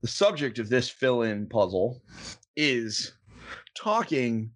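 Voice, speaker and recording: Man, podcast host, casual chat, playful, mid-pitched voice. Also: very animated, slow pace, a bit bright. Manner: playful, reads aloud with a put-on pirate lilt. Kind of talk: casual podcast chat, running a word game.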